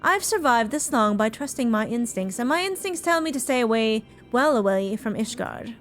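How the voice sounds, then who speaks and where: A woman's voice: fairly high pitch, expressive, moderate pace, fairly bright tone, soft background music. A woman voicing a cynical, self-serving male sellsword in a dismissive reading. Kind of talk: reading game dialogue aloud.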